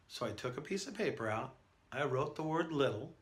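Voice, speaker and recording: A man teaching announcing skills in an animated, breezy, jokey manner. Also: medium pitch, brisk. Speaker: announcer coach. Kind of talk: instructional talk.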